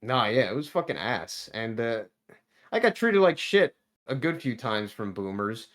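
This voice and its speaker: A man's voice: mid-range voice, very animated, a little slow, fairly bright tone. A man in his thirties telling a work story in casual podcast chat, laid-back, swearing constantly and restarting his sentences. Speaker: podcast guest.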